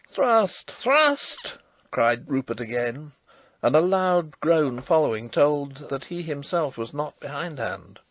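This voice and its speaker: A man reading a first-person adventure audiobook in a measured, dramatic storytelling manner. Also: mid-range voice, no room sound. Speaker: audiobook narrator.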